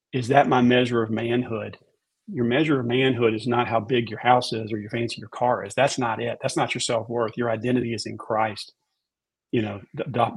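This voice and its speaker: A man with a slightly husky voice speaks earnestly about faith as a podcast guest. His pitch sits in the middle range, and he leans on repeated words for emphasis.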